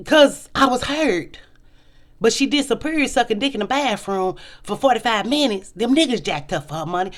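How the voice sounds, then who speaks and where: A woman hosting a casual commentary vlog, talking bluntly and profanely, and acting out quoted people with big jumps in pitch. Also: very animated, moderate pace. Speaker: host.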